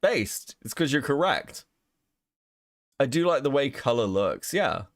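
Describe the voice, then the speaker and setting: A young man talks loosely on a livestream, his pitch jumping all over as he swears and jokes. The sound is dry and close to the mic, with no room around it. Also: unhurried, no room sound. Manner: swearing, animated and joking. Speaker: streamer co-host. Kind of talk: casual livestream chat.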